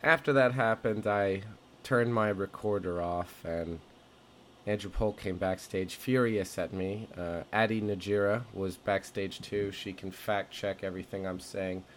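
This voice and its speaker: Low-voiced man telling a wry comic story. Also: fairly even intonation, unhurried, a bit bright, a little hiss or hum. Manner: wry, rambling, self-deprecating. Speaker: comedian telling his story.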